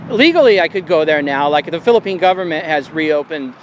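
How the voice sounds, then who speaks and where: A man's voice: a little high, expressive, brisk, slight background noise. A man filming on a sidewalk with a handheld camera, chatting casually and rambling with frequent laughs. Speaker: YouTube auditor filming in public. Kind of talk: casual chat to camera and with an officer. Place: outdoors on a sidewalk by a road. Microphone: handheld camera mic.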